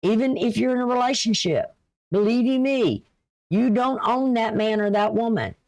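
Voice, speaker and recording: A woman's voice: on the high side, lively intonation, moderate pace, darkish tone. Woman, folksy astrology reader, chatty advice, sniffly runny nose. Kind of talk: casual spoken reading.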